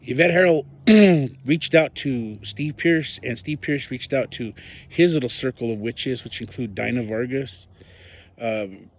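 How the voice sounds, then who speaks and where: A man's voice: mid-range voice, unhurried, muffled recording, a little hiss or hum. Heated ranting man from northern New Mexico. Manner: heated, ranting, mocking voices of others. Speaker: local political commentator. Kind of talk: angry personal monologue.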